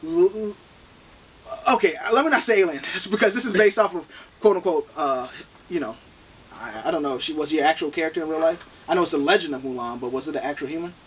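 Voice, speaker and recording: A man in his thirties co-hosting a casual movie review podcast, animated and playful, talking fast with lots of restarts. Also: on the high side, distant mic, slight background noise. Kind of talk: casual chat.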